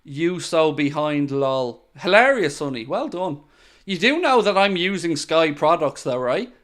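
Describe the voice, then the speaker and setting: A young man giving live football commentary during a watchalong stream, talking to his viewers between plays and groaning loudly at near misses. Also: on the high side, a little slow. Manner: excitable, bursts into loud groans at near misses, chatty asides to viewers. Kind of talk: live match commentary with chat.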